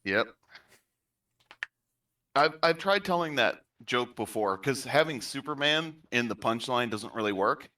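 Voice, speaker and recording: A man's voice: mid-range voice, animated, measured pace, pauses often, sharp tone, recorded from a distance. A man telling jokes in a casual chat with friends, rambling and chatty.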